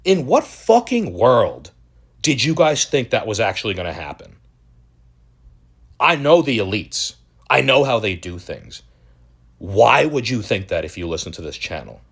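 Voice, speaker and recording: A man's voice: lowish voice, big pitch swings, measured pace, gravelly, pauses often, fairly bright tone, breathy edge. A young man hosting a crypto channel, ranting in a profane, exasperated and mocking way. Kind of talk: ranting video commentary.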